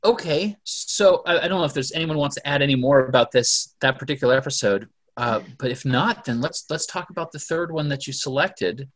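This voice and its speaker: Male podcast host, relaxed chat, stumbling and animated delivery. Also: medium pitch. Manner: animated, halting, laughs often. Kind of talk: casual chat.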